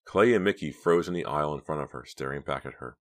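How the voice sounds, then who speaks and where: A man narrating an audiobook in a quiet, steady reading voice. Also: a bass voice, fast. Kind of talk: scripted narration.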